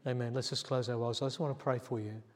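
A man's voice: medium pitch, fairly even intonation, quick pace. A male pastor, telling a story in a sermon and acting out the quotes in a chatty way. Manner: chatty, acts out quotes, laughs at himself. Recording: long church reverb.

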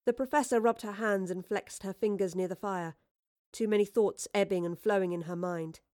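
Measured woman narrating a storybook. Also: medium pitch, steady tone, a little mellow, dry recording, clean studio sound. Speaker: audiobook narrator.

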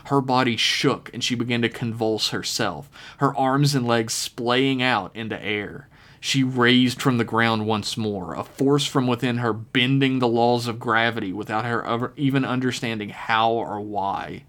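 A man reading a dark horror story aloud in a steady, measured narration. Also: mid-range voice. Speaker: podcast storyteller.

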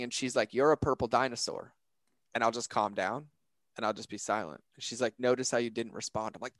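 This man speaks a little fast with a steady tone and medium pitch, reflecting earnestly in a casual podcast chat. Fillers such as "like" and "right?" crop up often as he searches for his thoughts. The audio is dry and close-miked, with little room sound.

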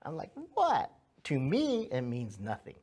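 A man's voice: medium pitch, unhurried. Earnest man preaching a conversational sermon. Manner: earnest, animated storytelling with frequent restarts and "right?" asides. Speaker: pastor.

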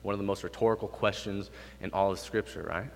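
A man in his twenties delivers a sermon in a hall with a long, lingering reverb. His voice sits on the low side. He swings between hushed, low asides and loud, high-pitched bursts. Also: fast talker, creaky. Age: 20s. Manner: animated, swings from quiet to loud and high when acting out God's lines. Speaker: youth pastor. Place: hall with an audience.

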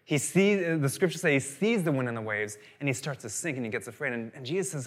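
A man's voice: medium pitch, fast, hardly any pauses. Man preaching in a reverberant hall. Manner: animated storytelling, swings between loud emphasis and quiet asides. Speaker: pastor. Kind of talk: sermon.

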